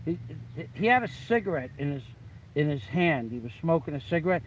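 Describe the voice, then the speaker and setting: A man recounts an old tale in casual, profane storytelling. His voice sits a bit higher than most men's. He talks bluntly and animatedly, swears freely, and often trips over the start of a sentence. A faint hum of background noise sits behind him. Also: sing-song, a little fast, poor audio. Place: the Philippines.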